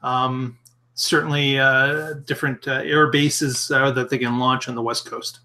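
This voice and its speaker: Male co-host with a bright, forward voice, explains things plainly, laughs easily. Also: medium pitch, level tone, a little slow. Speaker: podcast co-host. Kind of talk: casual chat.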